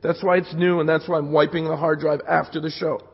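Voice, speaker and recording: A man with a raspy, fraying voice walks an audience through a technical talk, tossing in casual jokes. He sits a little high for a man. The lo-fi recording carries a long hall reverb. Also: flat delivery, fairly quick. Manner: casual, joking asides to the audience. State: losing his voice from jet lag. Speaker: security conference speaker. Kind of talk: live technical talk with demos. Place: conference hall.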